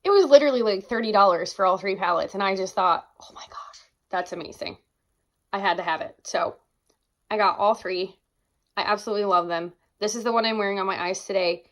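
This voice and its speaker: A woman's voice: medium pitch, fast, a bit bright. A young woman in a casual vlog, gushing enthusiastically over her favorite makeup products and exclaiming often. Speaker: beauty vlogger.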